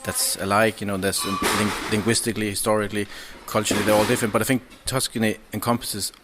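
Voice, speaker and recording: A man, a podcast guest chatting casually and haltingly, with many restarts and fillers. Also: on the low side, flat delivery, heavy background noise. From Denmark. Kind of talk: casual chat. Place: indoors, over drinks.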